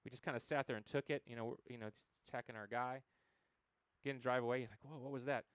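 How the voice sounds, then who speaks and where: Rambling fast-talking American man. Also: medium pitch, fairly even intonation, smooth, no echo. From United States. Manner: rambling storyteller, many fillers and acted quotes. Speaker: interview guest, musician. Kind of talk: casual interview conversation.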